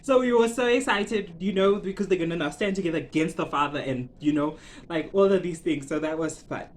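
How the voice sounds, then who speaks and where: A vlogger giving a casual, animated recap, dramatic and full of laughter and rhetorical questions. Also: mid-range voice, brisk.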